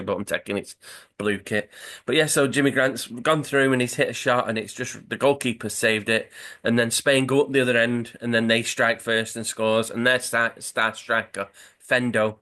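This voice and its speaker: Man, podcast host, casual storytelling, rambling, mid-pitched voice. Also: bright, forceful tone. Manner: rambling, with frequent fillers and restarts. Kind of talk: casual chat, retelling a comic story.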